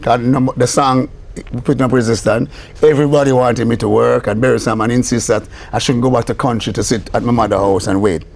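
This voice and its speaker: Older Jamaican man, animated anecdotal talker, medium pitch, easygoing interview guest. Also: quick pace, gravelly, slight background noise. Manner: animated storyteller who acts out quoted voices, laughing often. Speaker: reggae producer, interview guest. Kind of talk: casual storytelling interview.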